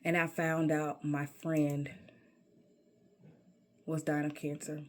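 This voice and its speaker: A woman's voice: sits low, little pitch movement, slow pace, darkish tone, slight background noise. Sassy woman telling her life story. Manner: sassy, emphatic, calls listener baby. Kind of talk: personal storytelling monologue.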